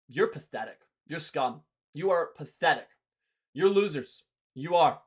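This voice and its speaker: A man's voice: a little high, lively intonation, unhurried, husky. A young man hosting a hockey show, ranting in an exasperated, sarcastic way. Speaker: hockey podcast host. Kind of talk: ranting sports commentary.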